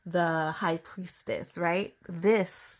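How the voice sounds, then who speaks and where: A young adult woman giving a casual tarot reading to camera at her table, chatty and easily excited, laughing often. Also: on the low side, very slow. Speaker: tarot reader.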